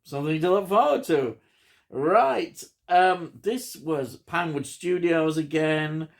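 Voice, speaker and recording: Slow-talking enthusiastic man. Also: fairly high pitch, creaky. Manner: enthusiastic, with frequent ums and chuckles. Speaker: film reviewer. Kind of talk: casual spoken film review.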